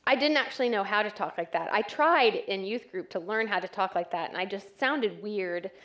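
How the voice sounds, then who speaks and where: A woman's voice: medium pitch, moderate pace, a bit bright. A woman in her thirties from West Texas, giving a conversational, self-deprecating talk to a church audience with frequent ums. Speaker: church speaker.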